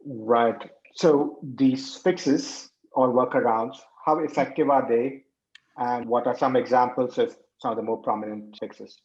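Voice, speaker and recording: A man's voice: mid-range voice, steady tone, measured pace, darkish tone. Man host, echoey and muffled. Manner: brief, plain questions and short acknowledgements. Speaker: podcast host. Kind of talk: interview questions. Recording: echoey room, dull lo-fi sound.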